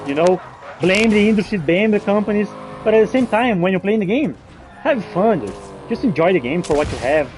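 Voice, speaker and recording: Man, high voice, gameplay commentary, rambling, excitable, faint music behind. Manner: rambling, excitable, restarts sentences often. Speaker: gaming channel host.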